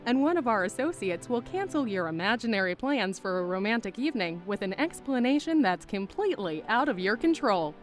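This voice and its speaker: A woman's voice: medium pitch, big pitch swings, fairly quick, few pauses, faint music behind, close to an everyday voice. A woman voicing an upbeat announcer in a spoof commercial, selling a service. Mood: salesy. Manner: salesy, upbeat. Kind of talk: mock commercial voice-over.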